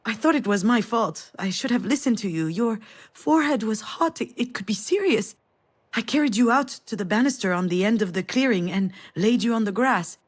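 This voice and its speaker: An actress playing a mother who recalls a family memory in an intimate, storytelling manner for a game. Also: a little high. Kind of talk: game voice acting.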